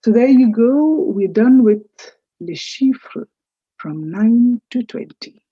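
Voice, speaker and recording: A woman teaching a French lesson, speaking slowly and patiently and repeating words for learners to copy. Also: a little high, expressive, slightly rough, no room sound. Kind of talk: recorded language lesson. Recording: dull lo-fi dry recording.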